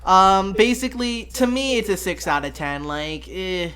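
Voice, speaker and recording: A man's voice: high-pitched, fairly even intonation, normal speed, pushed and bright. A man casually reviewing a musical film with a friend late at night. He rambles, often giggling, swears freely, and retells scenes in quoted voices. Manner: full of fillers and profanity. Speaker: movie reviewer.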